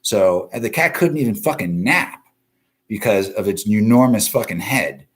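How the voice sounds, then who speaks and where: A man's voice: on the low side, lively intonation, normal speed. Profane, blunt male livestream host. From East Coast of the US. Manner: profane, blunt, chats with viewers in comments. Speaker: livestream news show host. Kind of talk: profane live-stream news rant.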